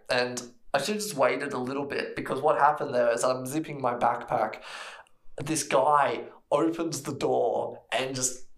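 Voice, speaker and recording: A man's voice: mid-range voice, echoey room. A man from Australia with an Australian accent, co-hosting a casual chat and telling a long story, often laughing and slipping in bits of other people's voices. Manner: rambling, laughs often, mimics people in stories. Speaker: podcast co-host.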